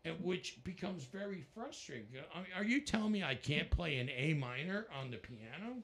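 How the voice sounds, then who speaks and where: An American man, a rock musician, telling stories in a casual interview, animated and breaking into laughter and voices. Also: brisk. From United States. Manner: animated, jumps into high-pitched voices and laughs. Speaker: musician guest.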